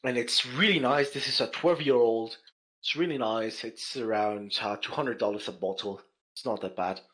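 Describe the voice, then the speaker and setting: A man, a chef guest on a podcast, chatting casually and telling animated stories with many repeated words. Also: medium pitch, moderate pace, low-quality recording. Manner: animated storyteller, repeats words, laughs easily. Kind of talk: casual chat.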